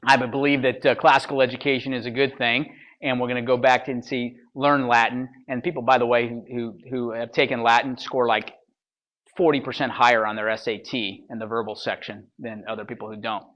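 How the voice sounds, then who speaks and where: A man's voice: mid-range voice, level tone, fairly quick, fairly bright tone, highs cut off. A man coaching real estate agents at a seminar, punchy and blunt, constantly checking in with "all right?" and "okay?" and mocking excuses. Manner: acts out excuse-makers in mocking voices. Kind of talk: motivational seminar talk.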